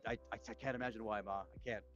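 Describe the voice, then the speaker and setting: A man's voice: on the low side, steady tone, racing, fairly bright tone, dull audio, faint music behind. A man ranting animatedly in casual chat, swearing heavily.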